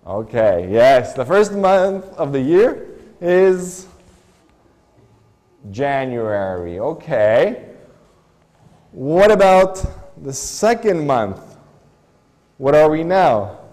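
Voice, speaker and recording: A man's voice: fairly high pitch, very animated, very slow, pauses often, a little mellow, big-room sound. A man teaching an English lesson in a school classroom, patiently asking the class one question after another. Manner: patient, asks many questions.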